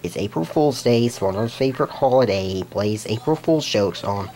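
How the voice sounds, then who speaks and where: A man's voice: on the low side, expressive, moderate pace, noisy background. A man on his own video channel, recapping cartoon episodes in a rambling, unscripted way, restarting sentences and giggling. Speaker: YouTube episode reviewer.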